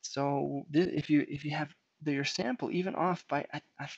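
A man's voice: a little high, steady tone, moderate pace, creaky, slightly rough, no echo. A man giving an unscripted whiteboard lecture, explaining step by step as he draws and often restarting his phrases. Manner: unscripted, restarts and fillers while drawing. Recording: dull lo-fi sound.

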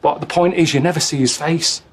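Deadpan grumbling man, late thirties. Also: fairly high pitch, a little fast. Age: 30s. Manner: dry, complaining, blunt. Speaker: traveller on a comedy travel show.

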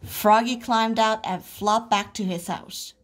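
A woman reading a children's picture book aloud in a playful, animated way. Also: a little high, slow pace. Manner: animated, playful sound effects. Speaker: storyteller.

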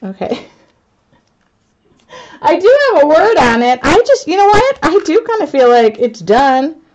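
Woman host, fairly high voice, chatty and self-mocking, dull lo-fi stream sound. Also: slow pace. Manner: excitable, self-mocking, laughs a lot. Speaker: artist streaming live. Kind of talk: chatty live-stream talk to viewers. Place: home art studio, indoors.

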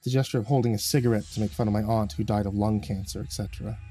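A man reading a horror story aloud in a calm, measured storytelling voice. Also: lowish voice, breathy edge, soft background music. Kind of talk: scripted horror narration.

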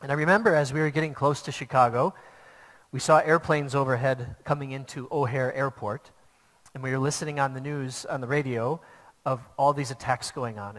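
A man's voice: medium pitch, a bit bright. A man preaching a sermon to a church, telling a personal story in an earnest, plain way. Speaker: pastor. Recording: long hall reverb.

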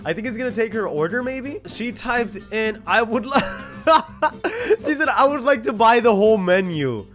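A young man with a high voice narrates his gameplay in a casual, excitable way. His voice swoops up and down, and he laughs often as he reads other players' chat aloud. Faint music plays behind him. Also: normal speed. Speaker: gaming video host.

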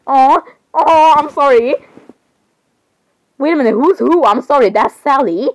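Young woman vlogging, kinda high voice, rambly and giggly, keeps cutting herself off. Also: expressive, normal speed, rough recording. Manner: rambling, giggly, self-interrupting. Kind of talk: casual chat over screen browsing.

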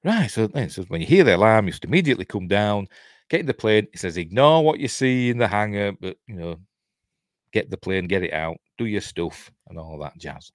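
A middle-aged man with a broad Yorkshire accent rambles through a film he is watching, stopping often for ums and small chuckles. His voice sits a little low. The sound is dry and close. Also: lively intonation, brisk, dry recording. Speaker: channel host, film commentator. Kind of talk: casual movie watch-along commentary.

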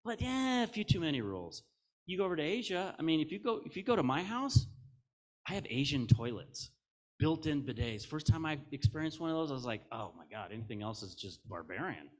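A man's voice: on the high side, fairly quick. Candid, jokey American man giving a keynote. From United States. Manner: candid, jokey, animated storytelling with quoted asides. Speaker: keynote speaker. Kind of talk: conference keynote talk. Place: conference stage.

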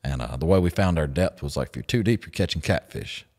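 A man hosting a podcast, telling stories in a lively, laughing way and acting out what others said. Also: very deep voice, fast talker. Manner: animated storyteller, laughs often, acts out quotes. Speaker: podcast host. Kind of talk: casual storytelling chat.

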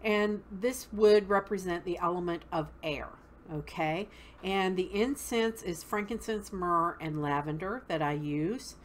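A woman's voice: fairly low pitch, measured pace, slight background noise. A woman with a Southern US accent teaching witchcraft basics, explaining patiently step by step and checking in with "okay?". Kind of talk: casual instructional talk.

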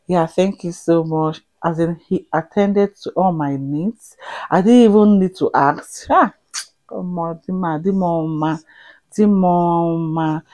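A young woman vlogging to camera with heartfelt thanks, sighing and dropping into soft whispers at times. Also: on the low side, measured pace. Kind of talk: emotional personal vlog to camera.

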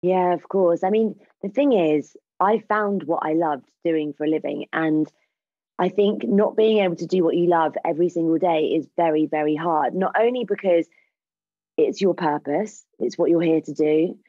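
A woman's voice: lowish voice, moderate pace, dry recording. A woman DJ speaking as a podcast guest, talking fluently and enthusiastically. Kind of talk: casual panel chat. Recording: dull lo-fi audio.

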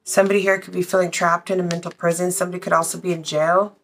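A woman's voice: fairly low pitch, flat delivery, racing, a little hiss or hum. A woman doing a casual tarot reading, chatty and blunt, swearing freely and a little out of breath. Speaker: tarot reader.

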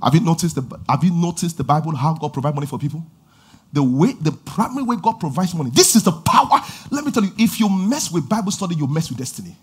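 Middle-aged pastor, husky, fairly high voice, preaching with surges of volume. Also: male voice, fairly quick. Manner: animated preaching with sudden loud exhortations and acted quotes. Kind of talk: sermon. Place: church auditorium.

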